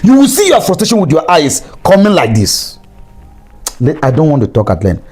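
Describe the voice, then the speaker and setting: A man's voice: a little high, huge pitch swings, moderate pace, darkish tone, faint music behind. Angry Nigerian man, preachy commentary. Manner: angry, preachy, repeats phrases for emphasis. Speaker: online commentator. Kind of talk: impassioned political commentary.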